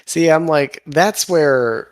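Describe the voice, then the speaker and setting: A man in casual chat about a game, telling what happened in a relaxed way with wry asides. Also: a little high, slow pace, dry recording. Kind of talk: casual chat reviewing gameplay.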